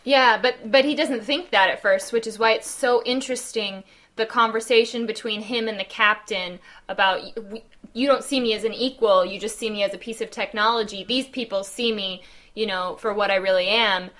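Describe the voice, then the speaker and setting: A woman co-hosting a podcast in casual chat, enthusiastic and quick to laugh. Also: medium pitch, fairly even intonation, a bit bright. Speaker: podcast co-host.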